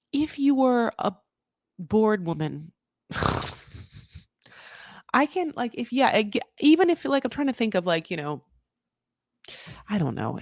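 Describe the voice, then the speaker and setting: A woman's voice: mid-range voice, no room sound, clean studio sound. A woman hosting a casual live TV recap, chatty, rambling and sarcastic. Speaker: host of a TV recap show.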